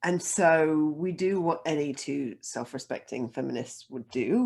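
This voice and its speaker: A woman's voice: deep voice, normal speed, vocal fry, few pauses, husky. A woman telling a funny personal story on stage, acting out the voices of the people in it. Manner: animated, acts out quoted voices.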